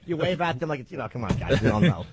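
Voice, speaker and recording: A man's voice: medium pitch, animated, fast talker, darkish tone, slight background noise. A man on a talk radio show, trading sarcastic, mock-indignant jokes and laughing at himself. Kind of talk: comedic radio banter.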